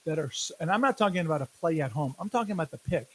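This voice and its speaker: A man co-hosting a casual sports podcast, talking in animated, jokey rants and laughing often. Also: fairly high pitch, very fast, a little hiss or hum, poor audio. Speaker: podcast co-host.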